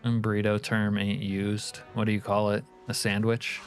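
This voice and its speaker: Profane, joking streamer man, low voice. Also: flat delivery, normal speed, faint music behind. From California. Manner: joking, profane banter with chat. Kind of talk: casual live-stream chat.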